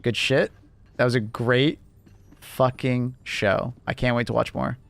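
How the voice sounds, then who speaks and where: A young man live-streaming and chatting casually with viewers, rambling with lots of fillers and quick laughs. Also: mid-range voice, fairly even intonation, creaky, a bit bright.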